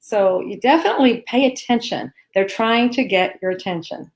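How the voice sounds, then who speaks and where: A woman's voice: mid-range voice, moderate pace. Woman, from Arkansas, live Q&A co-host, reassuring, laughs often. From Arkansas, USA. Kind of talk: live Q&A chat. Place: home.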